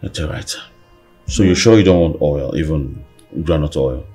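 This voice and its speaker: Deep, husky-voiced doting husband, patient and soothing. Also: male voice, normal speed, mellow, faint music behind. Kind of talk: Nollywood film acting.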